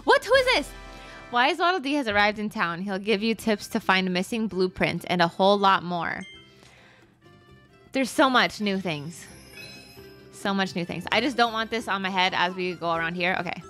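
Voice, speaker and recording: A young woman commenting on her own game playthrough, excitable, gasping and squealing often. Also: mid-range voice, moderate pace. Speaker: gaming streamer. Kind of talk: let's play commentary. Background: game music.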